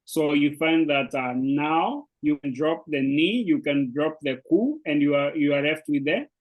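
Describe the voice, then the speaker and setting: Over phone-quality sound, an unhurried man with a slightly high voice teaches a Swahili lesson online, explaining it in English. A native speaker, he hesitates a lot, using fillers and restarting himself.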